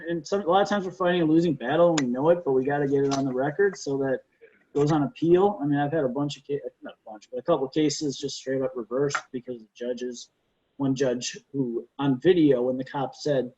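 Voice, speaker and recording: A man, a defense lawyer, telling courtroom stories in a casual interview, animated and often restarting his sentences. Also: medium pitch, brisk, slight background noise. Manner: animated storyteller, frequent restarts and stammered repeats. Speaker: defense lawyer, podcast guest. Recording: dull lo-fi sound.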